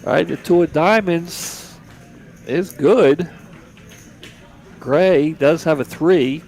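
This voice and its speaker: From a commentary booth at a card room, a man gives easygoing, chatty live commentary on a poker table, repeating words as he goes. His voice is on the high side, slow and a little mellow.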